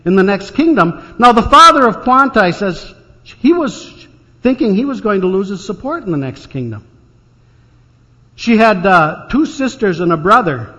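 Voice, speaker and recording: A man's voice: high-pitched, bright, forceful tone. An older man preaching a storytelling sermon, folksy and anecdotal, with dry jokes. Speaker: pastor. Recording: dull sound in a reverberant church hall.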